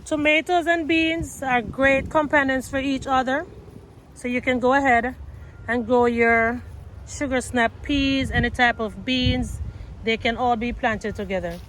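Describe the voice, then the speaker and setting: A woman's voice: high-pitched, steady tone, a little slow, fairly bright tone, slight background noise. Woman giving a garden tour outdoors. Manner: chatty, repeats herself, addresses viewers as family. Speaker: gardening vlogger. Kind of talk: casual garden tour vlog.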